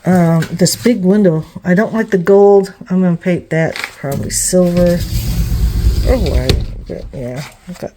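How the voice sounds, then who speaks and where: A woman's voice: on the low side, warm tone, slight background noise. A woman casually walking through her new home, chatting and rambling with fillers and small laughs. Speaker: vlogger giving a home tour. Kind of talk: casual home tour walkthrough. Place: small home indoors, bedroom and bathroom.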